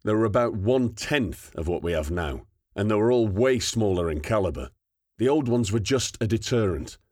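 A man voicing an eager young male soldier who talks with energetic, rapid conviction. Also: lowish voice, no echo, studio quality. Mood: fired up.

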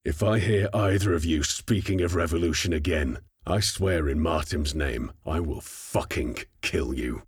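A man's voice: measured pace, hardly any pauses, breathy edge, heavily acted. A man doing a growling, menacing old sergeant. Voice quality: low growl, soft and threatening. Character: gruff older male army sergeant, menacing.

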